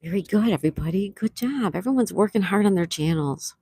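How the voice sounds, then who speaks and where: A woman's voice: mid-range voice, expressive, a little fast, warm tone, husky, no echo, studio quality. A woman hosting a casual livestream from home, reading out viewer comments and greeting people by name in a chatty, upbeat way. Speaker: livestream host. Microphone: remote mic.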